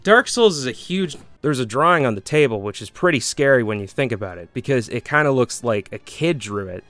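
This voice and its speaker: Male comedic game commentator: smooth, dry voice, sarcastic, swears often. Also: medium pitch, lively intonation, a little fast, fairly bright tone, dry recording. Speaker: gaming video host.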